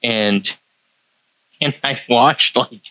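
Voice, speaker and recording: A man co-hosting a podcast in casual chat, rambling with many pauses. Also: mid-range voice, bright, forceful tone, dry recording, rough recording. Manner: rambling, many fillers and restarts.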